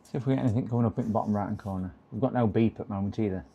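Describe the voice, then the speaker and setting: A man's voice: lowish voice, rapid-fire, vocal fry, warm tone, dull audio, a little hiss or hum. A man casually talking through a computer repair on a live stream, muttering to himself and chatting with viewers. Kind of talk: casual running commentary while working.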